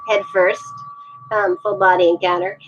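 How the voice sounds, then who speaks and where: A woman's voice: medium pitch, level tone, normal speed, soft background music. Chatty woman on a dull video call. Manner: chatty, hesitant with ums and restarts. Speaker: wine guest. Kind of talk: casual livestream chat.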